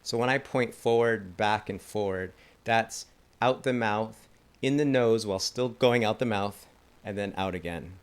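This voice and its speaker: In a clean recording, a man with a fairly low voice gives a casual, enthusiastic didgeridoo lesson at a measured pace. He chats as he teaches and laughs at his own slips.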